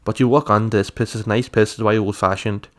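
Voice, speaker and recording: A man's voice: lowish voice, fairly even intonation, fast. A young man co-hosting a podcast, joking and laughing easily in casual chat. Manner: laughs easily, dry asides. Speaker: podcast co-host.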